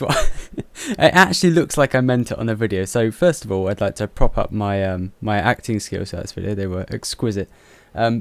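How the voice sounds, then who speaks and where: A young man with a low, gravelly voice talks through his game in a loose, self-mocking way, swearing casually as he goes. He sounds close to a desk mic, and keyboard clicks can be heard under his voice. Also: no echo. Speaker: gaming video host.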